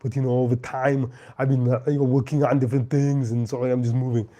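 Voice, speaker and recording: A man's voice: medium pitch, little pitch movement, fast talker, warm tone, natural voice. A man putting on an impression of a boastful male action-movie star, in a heavy, clipped, bragging delivery.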